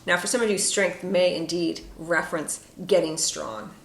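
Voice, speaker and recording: A woman giving a casual, reflective spoken tarot reading with frequent fillers and soft asides. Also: lowish voice, normal speed, gravelly. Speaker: tarot card reader. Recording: echoey room with faint noise.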